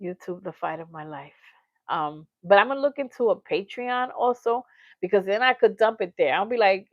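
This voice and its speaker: A woman's voice: medium pitch, moderate pace, dry recording. Chatty woman livestream host, lo-fi. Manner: chatty and animated, laughs often, acts out quotes. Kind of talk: casual livestream chat, reading viewer comments. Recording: dull lo-fi sound, dry.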